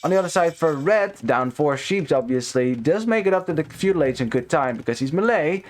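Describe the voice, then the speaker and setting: A man's voice: fairly high pitch, expressive, brisk. A man casting a strategy game live, chatty with many fillers, greeting chat viewers between plays. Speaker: esports caster.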